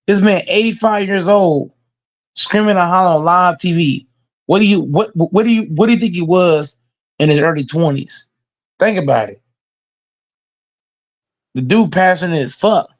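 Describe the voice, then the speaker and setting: A man's voice: high voice, moderate pace, long pauses. A man hosting a casual sports reaction show, ranting emphatically and with heavy profanity. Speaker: host reacting to football news.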